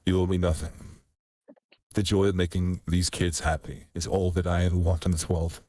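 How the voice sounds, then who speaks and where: Deep, husky man, gentle in character. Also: little pitch movement, normal speed. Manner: gentle, reassuring. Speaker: player. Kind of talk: in-character tabletop role-play.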